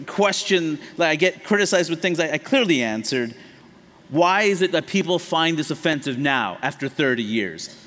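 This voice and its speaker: Guy from the us in his late 30s, stand-up style talk, emphatic and swears a lot, echoey hall. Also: fairly high pitch. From United States. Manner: animated, profane, emphatic. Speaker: comedian giving a talk. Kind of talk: comedic stage talk. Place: large hall on stage.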